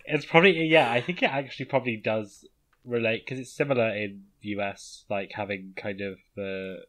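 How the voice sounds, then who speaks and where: A man with an English accent co-hosting a podcast in casual chat, quick to laugh and exclaim. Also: fairly low pitch, a bit bright. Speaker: podcast co-host.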